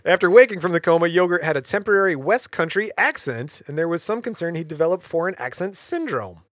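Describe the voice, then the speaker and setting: A man's voice: sits high, lively intonation, fast, a bit bright, no room sound, clean studio sound. A man co-hosting a casual podcast, narrating events with dates and jokes between his friends' remarks. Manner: storyteller reading out dates, joking. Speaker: podcast co-host telling the story.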